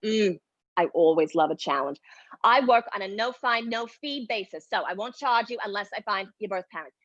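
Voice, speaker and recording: A woman's voice: mid-range voice, expressive, normal speed, fairly bright tone, dry recording, highs cut off. A woman playing a brash, self-important middle-aged adoption searcher with a New Jersey accent, in a solo stage monologue. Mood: brash, breezy. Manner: self-important, breezy, defensive.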